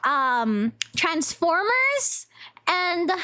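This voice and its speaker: A woman's voice: very high-pitched, big pitch swings, very slow, pushed and bright. A young woman streamer chatting casually on a live stream, bubbly and rambling, laughing easily. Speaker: VTuber streamer.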